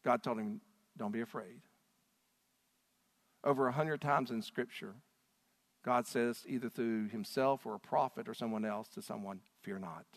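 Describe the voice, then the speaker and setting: A middle-aged man preaching a sermon as pastor, animated and rising to loud, emotional peaks as he reads scripture aloud. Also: mid-range voice, measured pace, gravelly, long pauses. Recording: long hall reverb.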